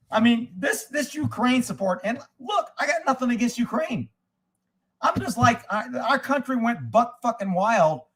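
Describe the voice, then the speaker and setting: A middle-aged man hosting a livestream, talking in a heated, profane way as he reacts to chat. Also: high-pitched. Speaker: livestream host. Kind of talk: casual ranting livestream chat.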